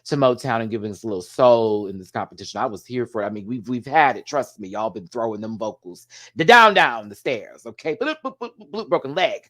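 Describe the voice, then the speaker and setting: A man talks straight to his viewers in a loose, rambling review, with a voice sitting at an ordinary middle pitch for a man. He gushes and swears freely, drops drag slang, and restarts his sentences as he goes. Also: animated, brisk, few pauses, fairly bright tone. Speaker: TV show reviewer. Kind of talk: casual solo review rant.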